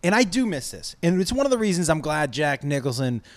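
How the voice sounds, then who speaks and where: A man with a high, bouncy voice hosts a loose conversation, jumping in with eager reactions and quick laughs. He talks casually and swears freely. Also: very animated. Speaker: podcast host. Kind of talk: casual interview chat.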